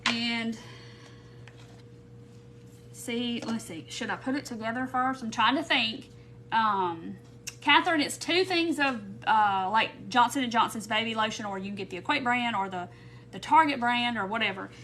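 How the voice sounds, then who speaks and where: A woman's voice: a little high, moderate pace, sharp tone, slight background noise. A woman hosting a live craft stream, rambling and thinking aloud as she works and greets viewers by name. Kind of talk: casual craft tutorial chat. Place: home craft room.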